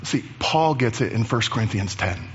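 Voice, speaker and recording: A man preaching a sermon as pastor, animated and chatty, acting out the voices of Bible figures. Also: on the low side, moderate pace, lo-fi sound, a little hiss or hum.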